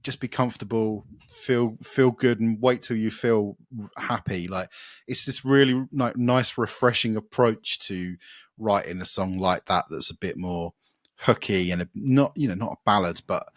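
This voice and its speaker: A man's voice: fairly low pitch, normal speed, no echo. Chatty man, dry close sound. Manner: rambling, enthusiastic, lots of swearing and fillers. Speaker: podcast co-host. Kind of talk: casual chat about metal records.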